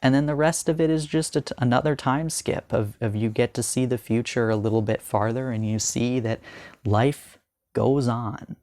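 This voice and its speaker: A young man talking through his thoughts on a manga in a casual review, earnest and halting, with many ums and restarts, slowing and softening at the emotional parts. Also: medium pitch, fairly even intonation, dry recording, clean studio sound. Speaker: manga discussion vlogger.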